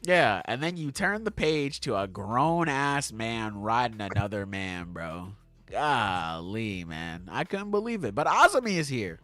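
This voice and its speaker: A man's voice: fairly low pitch, a little slow, soft background music. A man co-hosting a podcast, recapping manga chapters in casual chat and acting out the characters in funny voices. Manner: animated, acts out characters in put-on voices, laughs often. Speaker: podcast co-host.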